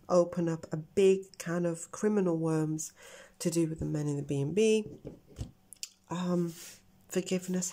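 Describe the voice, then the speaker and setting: Deep-ish lady reading tarot cards on camera, earnest and speculative, middle-aged. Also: a little mellow. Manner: earnest, speculative, addresses viewers as guys. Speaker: tarot reader.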